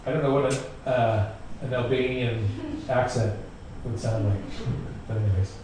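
A man's voice: medium pitch, steady tone, moderate pace, a little mellow. A man preaching a sermon in a conversational way, repeating phrases for emphasis. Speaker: pastor. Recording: very echoey room, distant mic, faint noise.

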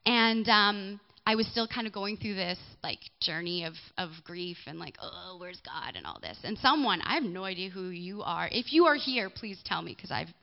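A young woman with a fairly low, gravelly voice gives a personal testimony at a church gathering, speaking candidly and chatting with members of the live audience in the church hall. The recording has its high frequencies cut off.

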